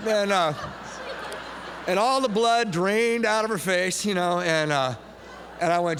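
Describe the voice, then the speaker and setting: Male meeting speaker, comic storyteller, bit of a higher voice, big reverberant hall. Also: measured pace. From from Southern California. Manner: animated comic storytelling, shouts punchlines. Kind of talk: recovery meeting talk. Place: large hall with audience. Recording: reverberant hall recording with faint hum.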